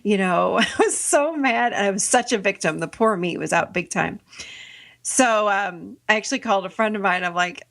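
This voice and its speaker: A woman's voice: mid-range voice, moderate pace, creaky, fairly bright tone. A middle-aged woman hosting a podcast, telling a story casually, laughing often and acting out her own lines. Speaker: podcast host.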